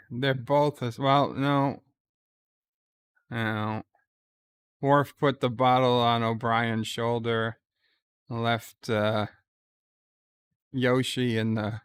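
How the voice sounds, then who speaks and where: Male stream host, calm reaction commentary, crisp voice, unhurried. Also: medium pitch, no room sound. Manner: retells scenes, quoting lines in a plain voice; reads out viewer chat messages.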